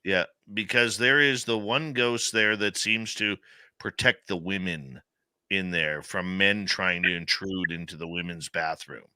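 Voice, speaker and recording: A man hosting a radio talk show, telling stories in a lively, chatty way. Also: deep voice, a little slow, smooth, no echo. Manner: animated storyteller, laughs easily. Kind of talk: casual radio talk, storytelling.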